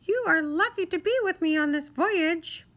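A woman voicing a tiny, bossy male mosquito ferryman, shrill and insistent. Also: moderate pace, fairly bright tone. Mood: boastful.

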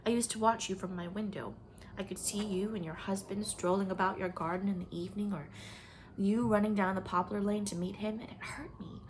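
A woman voicing a troubled young woman confessing with deep feeling, sometimes sinking to a whisper. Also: steady tone, fairly quick, slight background noise, natural voice. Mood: anguished. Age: young adult. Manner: emotional, at times dropping to a whisper.

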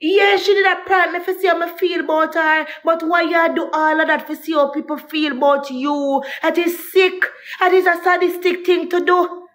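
A woman's voice: very high voice, fairly even intonation, normal speed, hardly any pauses, a bit bright. A young woman, telling her viewers a heated, indignant story about a partner, repeating herself as she vents. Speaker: vlogger. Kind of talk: emotional storytime rant to viewers.

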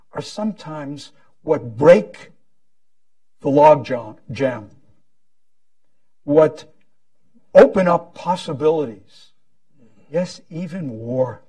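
Slow, deliberate male panelist. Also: on the high side, mellow, recorded from a distance. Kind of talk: panel discussion remarks.

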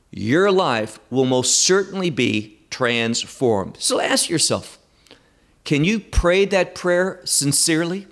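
A man teaching a Bible study lesson, emphatic and measured, repeating key phrases for stress. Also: sits high, lively intonation.

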